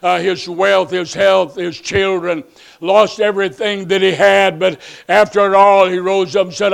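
A man preaches a sermon in a high, resonant voice with a gravelly edge. He climbs into loud pleading runs, then drops soft and low, repeating his phrases for emphasis. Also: flat delivery, measured pace. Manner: swings between loud pleading rises and soft low passages. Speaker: pastor.

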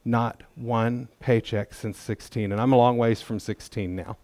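A man's voice: mid-range voice, fairly even intonation, unhurried, a little mellow, dry recording. A middle-aged man giving a testimony in church, talking in a folksy, conversational way with self-deprecating humor. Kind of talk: sermon testimony.

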